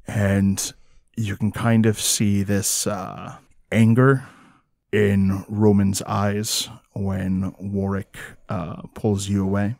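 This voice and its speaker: Low-voiced man narrating a tabletop game. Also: darkish tone, dry recording, studio quality. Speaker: game master.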